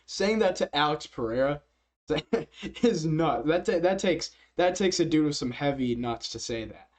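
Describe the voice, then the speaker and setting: A man's voice: on the high side, animated, unhurried. A man casually commenting as a reaction video host, rambling with many fillers and frequent chuckles. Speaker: MMA reaction youtuber.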